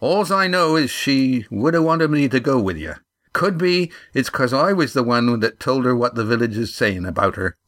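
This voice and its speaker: A man reading a storybook, voicing a cheeky young lad who stowed away on a fishing boat and talks in a casual, rough way. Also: medium pitch, big pitch swings, normal speed, a bit bright, pitched above the performer's own voice. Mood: explaining.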